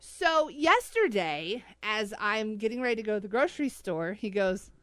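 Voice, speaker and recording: A woman hosting a casual chat, telling a story in an animated way with frequent laughs and pleading asides. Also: mid-range voice, moderate pace, clear, resonant tone, no room sound.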